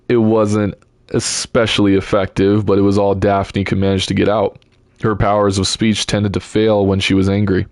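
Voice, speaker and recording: A man reading a novel aloud in a steady storytelling voice. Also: fairly low pitch, moderate pace, no echo, studio quality. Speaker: audiobook reader.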